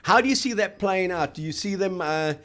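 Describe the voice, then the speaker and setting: A man's voice: high voice, animated, fairly quick, a bit bright. A middle-aged man hosting a casual rugby chat, telling rambling, anecdotal stories. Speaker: host.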